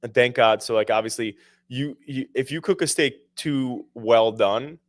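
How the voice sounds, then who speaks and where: A young man hosting a casual talk show, telling animated stories with casual swearing and a lot of "right?". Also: mid-range voice, measured pace, no echo, clean studio sound. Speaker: podcast host. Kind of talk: casual chat.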